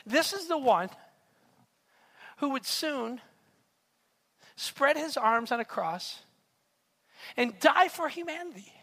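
A male pastor preaching a sermon, telling a story with lively rhetorical asides to his audience. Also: extremely high pitch, slow, pauses often.

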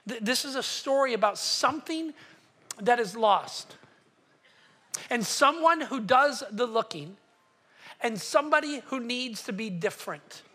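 A pastor preaching a sermon, asking the congregation to call out words and swinging between loud acted quotes and hushed asides. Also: medium pitch, husky. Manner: call-and-response questions to the congregation.

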